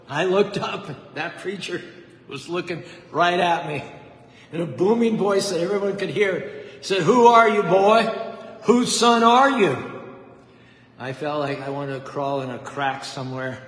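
A man preaching a devotional sermon with fervent, rhythmic repetition and a story. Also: fairly high pitch. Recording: echoey hall with faint ambience.

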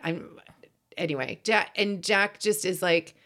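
A woman in her forties with a fairly low voice, co-hosting a relaxed conversation. She speaks candidly and thoughtfully, stops and restarts her sentences, and swears now and then. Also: a little slow. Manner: candid, reflective, swears casually. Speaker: podcast co-host. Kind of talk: casual chat.

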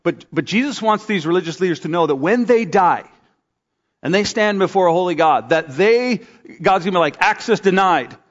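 A man preaching a sermon as pastor, telling stories with lively acted-out quotes. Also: moderate pace. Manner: animated storytelling, acts out quotes with big pitch jumps. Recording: dull sound with long hall reverb.

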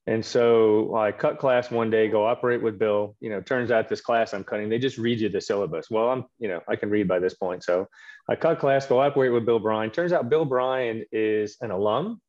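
A middle-aged man tells career stories quickly and with self-deprecating humor. His voice sits in a middle pitch, and the recording sounds slightly muffled. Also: darkish tone. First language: French. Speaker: guest, orthopedic surgeon. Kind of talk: casual interview chat.

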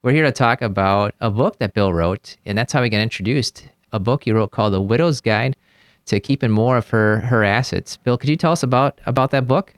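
Brisk, smooth-voiced male podcast host. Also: medium pitch, no echo, clean studio sound. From Maryland. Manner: upbeat and brisk, friendly banter. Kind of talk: podcast hosting.

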